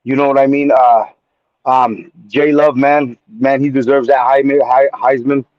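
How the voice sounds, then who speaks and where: A man calling in to a live show, telling an excited story in slangy, animated chat and calling the host man and homie. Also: mid-range voice, measured pace, no echo. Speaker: caller. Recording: muffled phone-line call.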